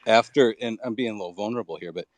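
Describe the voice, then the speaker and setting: A man's voice: on the low side, rapid-fire, no echo. A man speaking candidly and reflectively in a casual online audio chat, with frequent loose fillers.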